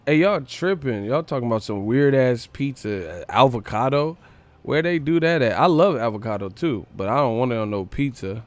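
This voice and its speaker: A man's voice: mid-range voice, animated, normal speed, no room sound. Profane, slangy man reading live chat. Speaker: livestream host.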